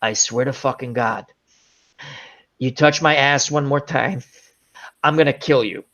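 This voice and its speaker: A man's voice: medium pitch, a little slow, fairly bright tone, pitched below the performer's own voice. A man voicing an annoyed wild male python that grumbles and swears, on dull lo-fi audio. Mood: threatening. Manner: profane, sarcastic grumbling.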